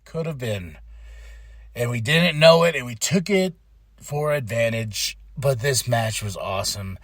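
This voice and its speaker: A man's voice: medium pitch, lively intonation, unhurried, no room sound. A man hosting a podcast, recapping in a casual, emotional, rambling way with lots of restarts. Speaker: podcast host.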